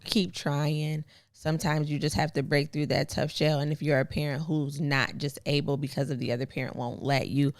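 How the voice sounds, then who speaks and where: A woman's voice: low voice, dry recording, clean studio sound. A woman co-hosting a podcast in casual chat, speaking in an earnest, encouraging way. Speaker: podcast co-host.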